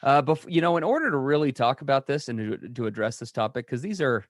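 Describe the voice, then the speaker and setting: A man's voice: mid-range voice, quick pace, no echo, clean studio sound. A man co-hosting a podcast, talking in a casual, upbeat and joking way, sometimes like a radio disc jockey. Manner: upbeat, energetic, jokey radio-style intro. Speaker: podcast co-host.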